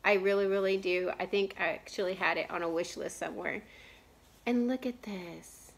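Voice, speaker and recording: A woman in her thirties from Texas, chatting casually into the camera as a cross-stitch vlogger. She rambles along, full of fillers and restarts, and clears her throat now and then because of allergies. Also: medium pitch, steady tone, normal speed. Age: 30s. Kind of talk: casual chat.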